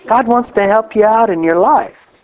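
A man preaching a sermon in a folksy, animated way, laughing often and rising on exclamations. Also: high-pitched, normal speed, a little hiss or hum. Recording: dull lo-fi recording.

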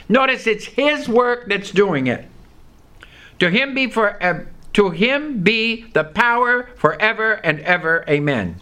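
An older man preaching a folksy, emphatic sermon, reading scripture aloud and slowing down to stress key words. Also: sits high, animated, sharp tone.

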